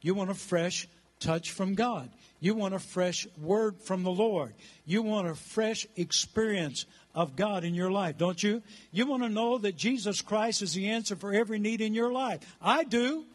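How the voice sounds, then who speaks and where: A male pastor in his sixties delivers a rousing church sermon in a high voice at normal speed, calling on the congregation to answer back.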